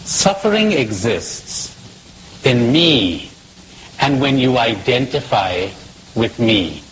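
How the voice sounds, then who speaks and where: A man's voice: mid-range voice, big pitch swings, takes it slowly, slight background noise, rough recording. A man giving a spiritual talk in a playful, questioning way, mixing jokes with reflection. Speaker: spiritual speaker.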